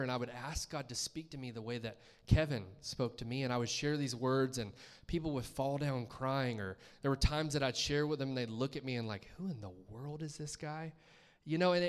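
A man preaches a personal testimony, chatty and storytelling, voicing his own reactions. His mid-pitched voice rings with the long reverb of a church hall. The tone stays conversational rather than formal. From Columbus, Georgia, US. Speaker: guest preacher. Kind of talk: testimony sermon. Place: church sanctuary.

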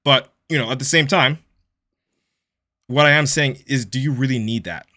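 Young gym coach guy ranting on his podcast, swears a lot, punchy bright voice. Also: mid-range voice, moderate pace, long pauses. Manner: blunt, profane, fired-up ranting. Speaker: podcast host, online fitness coach. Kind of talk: casual podcast monologue.

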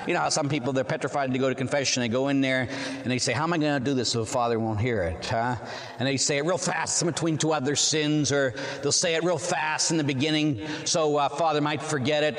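A Catholic priest with a medium-pitched voice delivers a sermon, recorded with a long reverb tail. He tells stories with animation, acting out the voices of the people in them.

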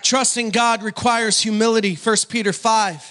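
A male pastor preaching an energetic sermon, repeating phrases for emphasis, calling on the congregation and shouting key lines. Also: sits high, moderate pace.

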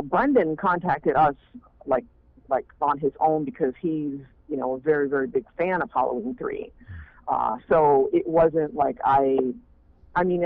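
A man's voice: on the high side, vocal fry, no room sound. A man, a fan film director, talking in a rambling way with many fillers and restarts. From Maine. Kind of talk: casual interview talk. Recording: muffled phone line.

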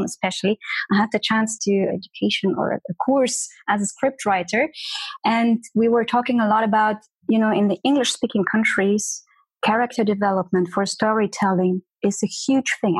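A woman, a guest on a podcast, talking in a lively way and playfully imitating voices. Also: medium pitch, husky, no room sound. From Germany. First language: German. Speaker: guest, conversation designer. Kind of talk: podcast interview.

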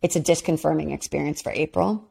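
A woman's voice: low voice, fast, creaky, warm tone, husky. A woman co-hosting a podcast, recapping a reality dating show in casual chat with lots of fillers. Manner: chatty, lots of "like" and restarts. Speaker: podcast co-host.

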